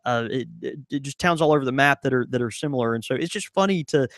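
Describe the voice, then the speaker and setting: A man's voice: mid-range voice, fast talker, fairly bright tone, no echo, clean studio sound. Easygoing Southern American man, podcast co-host. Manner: easygoing, laughs readily. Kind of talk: casual chat.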